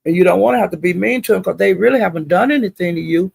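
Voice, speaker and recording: A man's voice: high-pitched, rapid-fire, vocal fry, few pauses, a little mellow, breathy edge, no room sound, low-quality recording. A man talking casually to a livestream chat, gossiping in a drawling, chatty way and speaking to viewers directly. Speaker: commentator recapping livestream drama.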